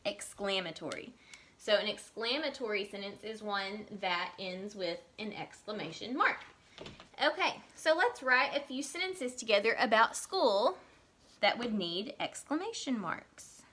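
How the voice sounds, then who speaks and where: A woman teaching young children a writing lesson, speaking slowly and clearly and reading example sentences aloud with a lively, excited voice. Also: medium pitch, slight background noise.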